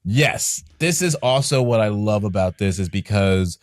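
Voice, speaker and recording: A man's voice: on the low side, animated, a little slow, no echo, clean studio sound. A man co-hosting a podcast, talking casually about movies with many fillers and asides. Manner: talkative, lots of fillers and asides. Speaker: podcast co-host.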